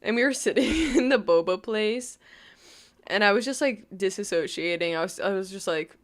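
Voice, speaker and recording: A woman's voice: mid-range voice, expressive, normal speed. A young woman from New York vlogging casually, rambling with lots of "like" and frequent laughs. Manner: rambling, full of "like", laughs often. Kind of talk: casual storytime chat.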